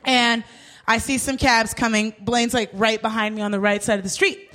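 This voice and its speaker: Young woman, high voice, casual storyteller who jumps into character voices. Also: moderate pace. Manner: animated, swearing, acts out voices in her stories.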